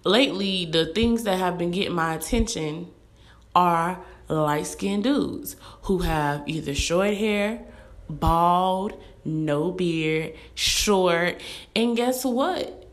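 A young woman, ranting bluntly and animatedly in a casual monologue to camera. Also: on the low side. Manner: animated, blunt, fast-talking with quoted asides.

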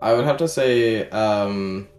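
A man's voice: on the low side, slow, darkish tone, echoey room, soft background music. A young man with an Australian accent, chatting casually and telling anecdotes. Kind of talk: casual podcast chat.

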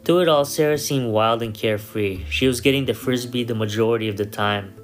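A man calmly narrating a first-person story in a measured reading voice. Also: mid-range voice. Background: soft guitar music.

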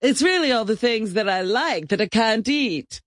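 A man co-hosting a talk show, teasing in quick, casual banter. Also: high-pitched, lively intonation, fairly bright tone, no room sound, studio quality. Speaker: co-host.

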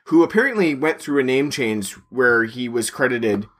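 Guy rambling on a podcast, bright voice, chatty and easygoing. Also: mid-range voice, animated, normal speed. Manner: chatty and meandering, plugs the show. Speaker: podcast co-host. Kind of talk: casual podcast chat.

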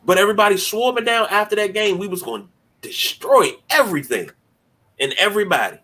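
A man hosting a sports podcast in casual talk, animated and mocking, often stumbling over repeated words as he starts a thought. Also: sits high, a little fast. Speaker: podcast host.

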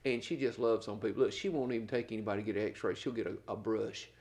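A middle-aged man from North Carolina, an animated storyteller laughing through a casual podcast chat as co-host. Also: on the low side, fast talker.

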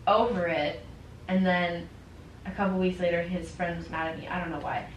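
Young woman, casual chat, animated storyteller, lots of "like", distant mic, roomy room. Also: on the low side, moderate pace, muffled recording, slight background noise. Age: young adult.

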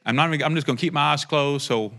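A man's voice: fast, a bit bright. A man preaching a prophetic sermon, speaking directly to listeners with passion and joking asides. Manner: impassioned, joking asides, rising to a fervent pitch.

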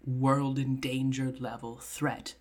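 A woman's voice: rumbling low, slow pace. A woman casually retelling a film scene with lots of energy, acting out lines and laughing along. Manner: animated storytelling with acted-out quotes and frequent laughter.

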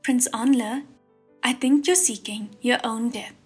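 A woman voicing an arrogant, hot-tempered ghost king in an audiobook, with a slow, mocking drawl. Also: a little high, breathy edge, faint music behind. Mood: mocking anger.

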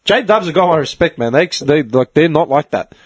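Man, casual podcast chat, husky voice, lively pitch, animated and jokey. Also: no echo. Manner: animated, laughing, swearing, quick jokey asides. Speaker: podcast co-host.

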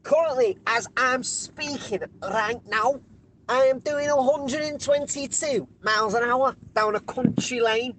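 Someone putting on a high speeding ad voice. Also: measured pace, a bit bright, slight background noise, poor audio. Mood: boastful. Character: reckless Scouse speed-driving mouse seller. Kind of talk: spoof radio ad.

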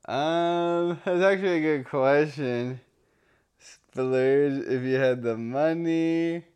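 A man's voice: a little high, takes it slowly, a little mellow, clear, resonant tone. A man co-hosting a podcast in casual chat, laid-back and peppering his speech with "like". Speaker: podcast co-host.

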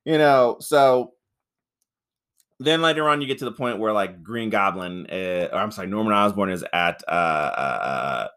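A man co-hosting a podcast, reviewing a film in casual, profane, rambling chat, laughing often and acting out characters in high voices. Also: animated, moderate pace, fairly bright tone, smooth. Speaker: podcast co-host.

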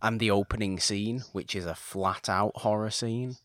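A man's voice: fairly low pitch, fairly even intonation, moderate pace, a bit bright, dry recording, clean studio sound. A man hosting a casual podcast chat, talking with enthusiasm and rambling, often repeating words. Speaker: podcast host.

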